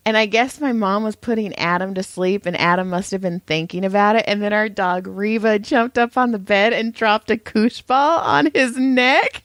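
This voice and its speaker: A woman's voice: mid-range voice, moderate pace, few pauses, no room sound, studio quality. A woman co-hosting a podcast, telling stories in a casual chat, laughing often and acting out quotes. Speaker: podcast co-host.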